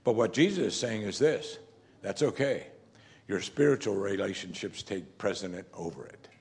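A man's voice: fairly low pitch, normal speed, a little mellow. A man preaching a sermon as pastor, talking in a conversational, emphatic way and often saying "you see".

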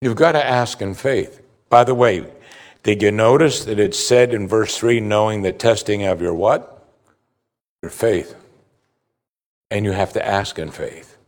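A man preaching a sermon as pastor, animated, acting out the voices he quotes. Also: lowish voice, unhurried, pauses often. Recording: hall reverb.

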